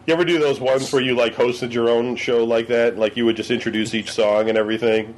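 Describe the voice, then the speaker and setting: A man's voice: medium pitch, fairly even intonation, a little fast, slight background noise. A man co-hosting a casual podcast chat, telling stories with frequent laughter. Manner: laughs often, tells stories animatedly. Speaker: podcast co-host.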